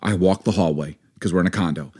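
A man's voice: quick pace, husky. A middle-aged man co-hosting a casual chat, telling stories and acting out quotes with big jumps in voice. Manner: animated, acts out quotes with big pitch jumps. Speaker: podcast co-host.

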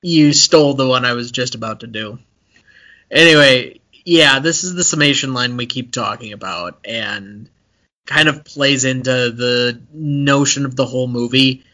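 A man's voice: mid-range voice, moderate pace, bright, forceful tone, dull audio. A man co-hosting a casual film podcast, talking in an analytical way with many hesitations and fillers. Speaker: podcast co-host.

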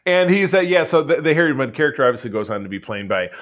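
A man co-hosts a casual chat podcast, recapping episodes with jokes and asides. His voice sits in the middle range, and his talk is loose and animated. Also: medium pitch, fast. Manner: chatty, joking, animated recapping. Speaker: podcast co-host.

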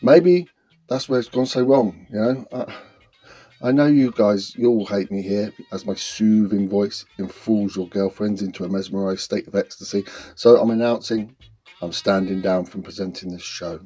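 A man's voice: on the low side, normal speed, breathy edge, faint music behind. Rambling self-mocking man. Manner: deadpan, self-deprecating, rambling. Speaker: radio show host. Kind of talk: self-mocking comic monologue.

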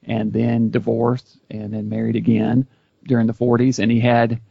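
Gravelly man, enthusiastic film buff. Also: mid-range voice, completely flat delivery, moderate pace, dry recording, highs cut off. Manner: knowledgeable, enthusiastic, with restarts. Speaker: YouTube series host, guest. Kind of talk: casual podcast chat.

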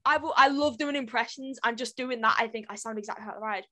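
A young woman speaking in a fairly high voice. She talks in a chatty, self-deprecating way, with many ums and restarts, as a guest in a casual interview. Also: fast, few pauses, bright, forceful tone. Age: young adult. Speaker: guest voice actress.

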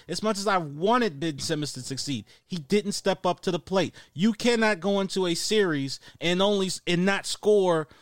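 A man's voice: sits high, fairly bright tone, dry recording, clean studio sound. A man co-hosting a sports podcast, ranting emphatically with repeated points and rhetorical questions. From Philadelphia. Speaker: podcast co-host. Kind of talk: heated sports rant.

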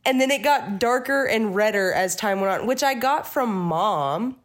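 A woman's voice: mid-range voice, animated, moderate pace. A young woman co-hosting a podcast, chatting casually and rambling through stories while acting out what people said. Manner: rambling storyteller, acts out quoted dialogue. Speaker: podcast co-host. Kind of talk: casual chat.

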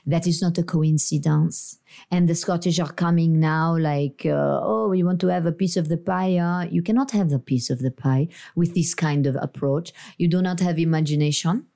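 A woman's voice: low-pitched, normal speed, gravelly, dark tone. A woman playing a boastful, flirtatious French woman with a French accent, scornful toward her rivals in an improvised comedy podcast. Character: boastful French woman debating about romance.

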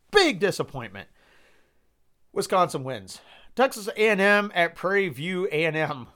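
A man's voice: on the high side, fairly bright tone. A young man hosting a podcast, making casual football picks in a rambling, exasperated way with casual swearing. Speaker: podcast host. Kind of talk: casual sports picks monologue.

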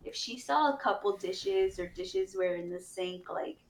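A woman's voice: sits high, sing-song, measured pace, creaky, reverberant, slight background noise. A woman co-hosting a casual chat and telling stories, using many fillers. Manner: chatty, filler-heavy storytelling. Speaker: co-host.

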